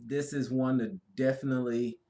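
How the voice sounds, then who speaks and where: A man co-hosting a casual spiritual talk, speaking in an easygoing, drawn-out way with frequent affirmations. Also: mid-range voice, fairly even intonation, dark tone. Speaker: co-host.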